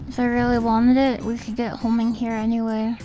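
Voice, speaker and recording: A woman's voice: a little high, level tone, brisk, warm tone. Chatty woman streamer over game music. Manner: chatty, musing, trails off into mumbles. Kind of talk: casual live-stream commentary.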